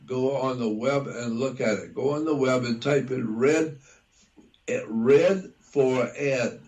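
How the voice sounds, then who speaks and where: An older man talking in an interview, slow and repetitive, lecturing as he explains. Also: medium pitch, darkish tone, dull audio. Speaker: guest researcher. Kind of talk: conversational interview.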